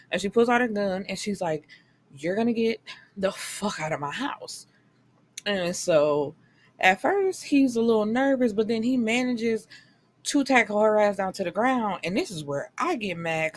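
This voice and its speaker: A woman chatting casually through a book review, blunt and candid, swearing freely and retelling the plot with quick acted-out quotes. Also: medium pitch.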